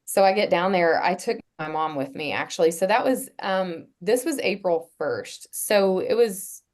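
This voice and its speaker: A woman guest on a podcast, telling a personal story in a casual, earnest way, pausing often with fillers and restarts. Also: on the low side, darkish tone. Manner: halting, with frequent "um" and restarts.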